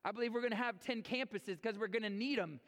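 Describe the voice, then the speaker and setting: A man preaching a sermon as pastor, reading scripture and then speaking with energetic repeats and stumbles. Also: high voice, fast, in a large hall. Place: church sanctuary.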